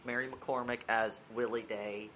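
A man casually reviewing a TV series, earnest and halting, with frequent restarts. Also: mid-range voice, level tone, bright, forceful tone, highs cut off, a little hiss or hum. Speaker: podcast reviewer.

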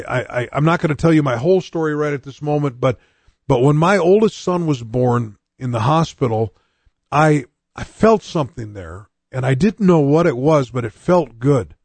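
A man's voice: a little high, a little mellow, no echo. A man in his sixties preaching, telling his own conversion story in a plain, earnest way and speaking straight to his listeners. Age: 60s. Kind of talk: personal testimony sermon.

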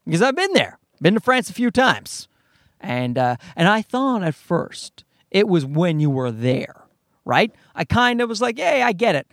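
High, lively voice of a man ranting. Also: a little slow, no echo, clean studio sound. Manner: profane, exasperated ranting. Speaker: storyteller. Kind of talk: comedic storytelling rant.

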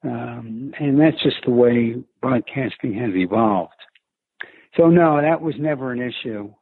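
A man's voice: mid-range voice, measured pace, breathy edge, no echo. A man with a New York accent, a sports broadcaster answering interview questions in a chatty, reflective way with many fillers. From Brooklyn, New York. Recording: tinny phone-line sound, dry.

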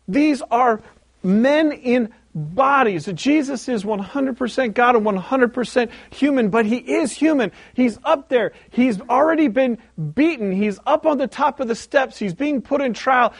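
A high-voiced male pastor delivers a sermon, retelling a story with lively animation. He circles back and repeats key words to drive each point home. The sound is close and dry, with no room around it. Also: no echo.

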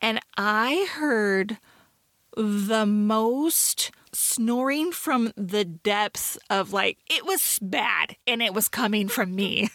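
A woman's voice: medium pitch, drawn-out words, a bit bright, dry recording, clean studio sound. A middle-aged woman co-hosting a podcast, telling a self-mocking story in casual chat, full of fillers. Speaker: podcast co-host.

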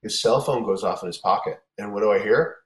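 A lowish male voice, moving a little fast, delivers a long road story in casual conversation. He swears often, rambles, and restarts his sentences repeatedly, with echo from the room.

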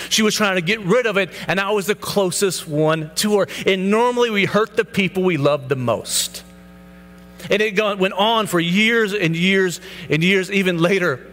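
This thirties-aged pastor's voice sits high and sounds a bit bright as he delivers a testimony sermon. Earnest in telling his story, he acts out the conversations, while the recording has hall reverb and a slight hum.

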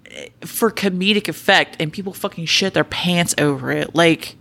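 A woman co-hosting a podcast in casual chat, excitable and sweary, often trailing off mid-thought. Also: lowish voice, moderate pace, creaky. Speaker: podcast co-host.

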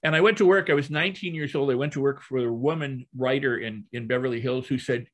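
Older man telling lively teaching stories. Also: medium pitch, fast, few pauses. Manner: lively storyteller who repeats and builds phrases. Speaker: guest, hypnotist and trainer.

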